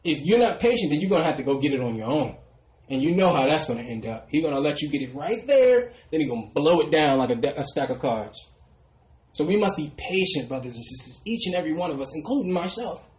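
A man preaching a sermon who often trails off into a soft "brothers and sisters". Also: a little high, big pitch swings, quick pace, reverberant, low-quality recording. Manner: ends phrases with a dropping, quiet "brothers and sisters". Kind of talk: street sermon.

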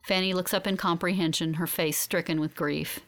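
A woman giving steady, reflective first-person audiobook narration. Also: fairly low pitch, moderate pace.

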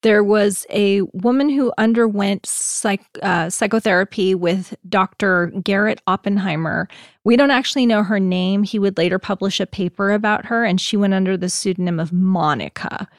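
A woman's voice: medium pitch, normal speed, dry recording. Podcast host, woman, easygoing storyteller, dry close-mic sound. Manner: storytelling, laid-back with fillers. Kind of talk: casual podcast chat.

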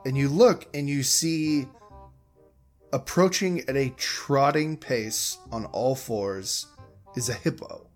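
A man running a tabletop game as game master. He narrates slowly and playfully, with faint music in the background. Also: medium pitch. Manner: playful, laughing often.

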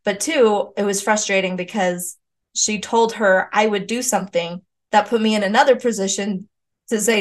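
A woman's voice: medium pitch, steady tone, normal speed. Female parenting host, earnest and candid, talking through a personal story in a conversational way. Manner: earnest, candid, with frequent ums and restarts.

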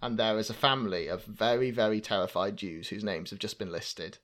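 A man's voice: lowish voice, brisk, a bit bright. A man hosting a casual film discussion, chatty and jokey, with many fillers and restarts. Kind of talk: casual chat.

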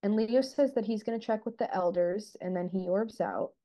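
A woman co-hosting a podcast, casually recapping and discussing a TV episode in a relaxed, chatty way full of fillers. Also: medium pitch, normal speed. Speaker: podcast co-host.

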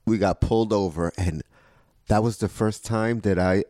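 A man's voice: fairly low pitch, steady tone, moderate pace, dark tone, no echo, clean studio sound. A man in casual conversation, telling a story and mimicking people's voices in quotes. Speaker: guest.

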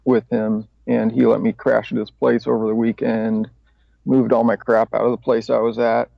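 A man's voice: mid-range voice, little pitch movement, moderate pace, no echo. A man guest on a podcast, candidly telling his recovery story in a rambling, casual way with swearing and self-mocking laughs. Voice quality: gravelly. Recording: dry, slightly dull podcast audio.

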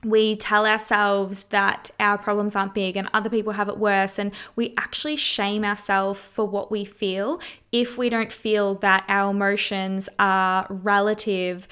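A woman hosting a solo podcast in a loose, chatty way. Her voice is smooth and clear. She talks openly, swears without holding back, and fills her sentences with "like" and "you know.". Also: mid-range voice, flat delivery, unhurried, a bit bright. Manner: frank and candid, swears freely. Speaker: podcast host. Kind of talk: casual solo podcast talk.

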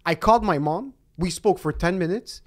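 A man's voice: high voice, moderate pace. A man chatting casually as a podcast co-host, earnest and repeating himself as he explains. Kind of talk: casual chat.

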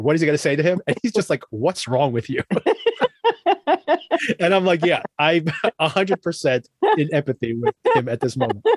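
Lively laughing man, podcast host. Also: medium pitch, dry recording, studio quality. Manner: animated, laughs often, acts out quotes. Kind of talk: casual chat.

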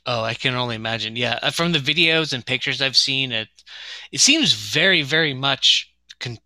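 A man's voice: medium pitch, animated, moderate pace, sharp tone, dry recording. A man co-hosting a podcast who talks hesitantly with many fillers while reading from his notes. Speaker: podcast co-host. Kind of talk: casual chat.

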